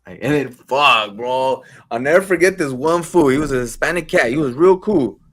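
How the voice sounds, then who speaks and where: A young man telling stories in casual podcast chat, swearing freely and jumping into high voices for the people he quotes. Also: animated, moderate pace, fairly bright tone. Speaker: podcast co-host.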